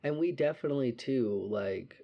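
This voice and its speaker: A man's voice: medium pitch, moderate pace, highs cut off. A young man casually telling a story, swearing freely and acting out quotes. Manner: profane, animated storytelling with voiced quotes.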